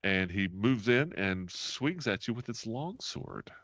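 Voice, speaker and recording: A man with a low, very lively voice runs a tabletop game as game master. He narrates attacks and counts out moves with bursts of laughter. The sound is dry and a little dull. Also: unhurried, no echo.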